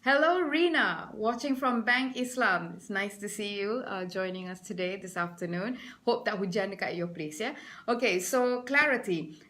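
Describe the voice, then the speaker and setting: A middle-aged woman with a Malaysian accent, a presentation skills trainer giving a lively webinar lecture and stopping to greet viewers by name. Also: medium pitch, normal speed.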